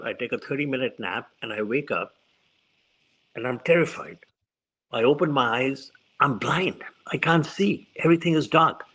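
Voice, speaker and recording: A man in his seventies tells stories as an interview guest, and his voice rings bright and forward. He acts out the people he quotes and shifts his tone with each one. He speaks at a mid pitch, typical for a man. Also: rough recording. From India. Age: 70s. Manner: animated storyteller who acts out quoted voices. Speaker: guest physician. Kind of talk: storytelling in an interview.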